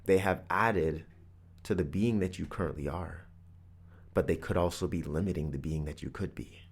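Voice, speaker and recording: A man's voice: sits low, normal speed, slightly rough. A man hosting a podcast, telling a personal story in an earnest, reflective motivational monologue. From Canada. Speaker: podcast host.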